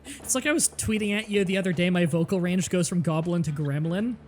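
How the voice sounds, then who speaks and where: A woman streamer joking loudly and crudely while commenting on a game she is playing. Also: on the low side, a little fast. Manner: loud, crude, laughing banter. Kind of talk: casual gameplay commentary.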